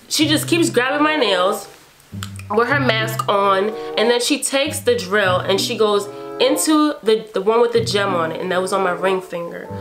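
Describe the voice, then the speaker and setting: A young woman in her twenties from New York, casually telling a story and animatedly acting out her own reactions, with music playing behind her. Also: a little high. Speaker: beauty vlogger.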